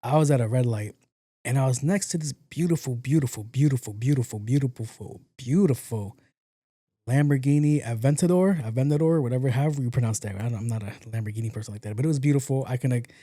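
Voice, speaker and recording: A man tells a story on his podcast in a loose, conversational way and acts out other people's lines with some swearing. His voice is warm and mellow. The recording is dry and close, with no room sound. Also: medium pitch, fast, no echo. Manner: animated, acts out quotes, profane. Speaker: podcast host. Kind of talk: casual storytelling monologue.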